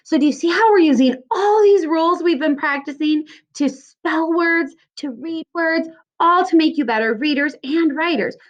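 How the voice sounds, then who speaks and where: A woman teaching a recorded phonics lesson to second graders, sounding out words slowly and encouraging the children as she goes. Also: high voice, lo-fi sound.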